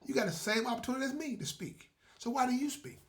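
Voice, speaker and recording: A man's voice: very high-pitched, fast, fairly bright tone. A man hosting his own podcast, talking casually in a folksy way, repeating words and acting out little dialogues. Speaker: podcast host. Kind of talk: casual solo monologue.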